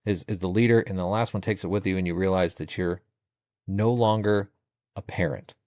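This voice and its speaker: A middle-aged man, a podcast guest, chatting casually and telling jokey stories with sudden animated jumps in pitch. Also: fairly quick, no echo. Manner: jokey, animated storytelling with bursts of higher pitch. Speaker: podcast guest, content creator. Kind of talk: casual interview chat.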